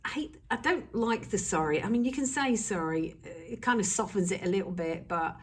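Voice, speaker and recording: A woman's voice: medium pitch, animated, moderate pace, breathy edge. A woman speaking as a self-help coach in an earnest, emphatic motivational talk, repeating key words for stress.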